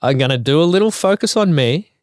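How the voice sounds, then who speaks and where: A man's voice: a little high, lively intonation, a little fast, a little mellow, dry recording, clean studio sound. A young man with an Australian accent, co-hosting a podcast in casual chat, joking and laughing often. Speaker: podcast co-host.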